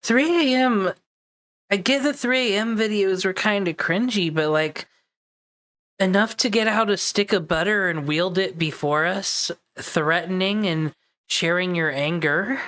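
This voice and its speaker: A woman's voice: medium pitch, measured pace, a bit bright. A woman hosting a reaction commentary, making sarcastic, dry asides. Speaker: commentary host.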